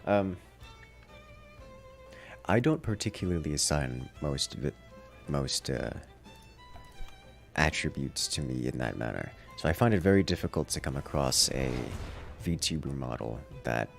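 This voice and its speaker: A man's voice: rumbling low, expressive, unhurried, vocal fry, long pauses, soft background music. A man from the Southern United States with a Southern accent, chatting casually and wryly while playing a game on a livestream. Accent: generic Southern US. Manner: rambling, wry, self-deprecating asides. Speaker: livestream gamer.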